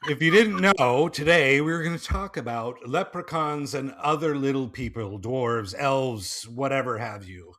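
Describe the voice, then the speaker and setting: A man's voice: mid-range voice, unhurried, hardly any pauses, fairly bright tone. A man hosting a podcast, telling a folk tale and then chatting loosely with fillers and jokes. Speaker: podcast host. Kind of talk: storytelling narration and casual chat.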